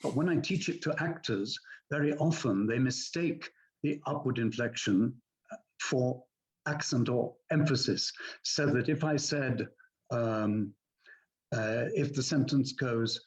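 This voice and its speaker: An older man, an actor and audiobook narrator, explaining reading technique in a measured, explanatory way. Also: medium pitch. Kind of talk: conversational teaching.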